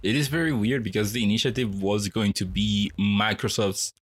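A man's voice: lowish voice, steady tone, normal speed, husky. A man co-hosting a video game podcast, talking casually and a bit defensively about his lunch. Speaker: podcast co-host. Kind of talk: casual chat.

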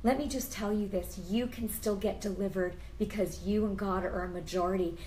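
A woman's voice: medium pitch, fairly even intonation, normal speed, a little mellow, slight background noise, rough recording. A woman hosting a Christian interview show, fervent and emotional, urging viewers to cry out to God and praying aloud. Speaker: host.

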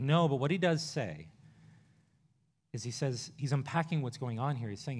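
A male pastor preaching a sermon in an earnest, conversational way, rushing through some phrases and slowing on others. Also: mid-range voice, lively intonation, darkish tone. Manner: earnest, conversational preaching with quick bursts and pauses.

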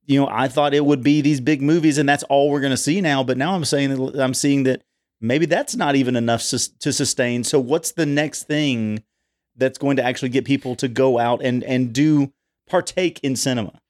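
A man co-hosting a podcast, rambling on with many restarts and some throat-clearing. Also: medium pitch, moderate pace, a little mellow. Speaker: podcast co-host. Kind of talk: casual chat.

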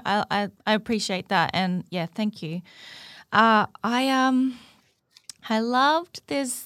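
Woman podcast host, talks slow and thoughtful, kinda halting, dry close sound. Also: medium pitch, fairly bright tone, no room sound. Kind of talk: conversational interview.

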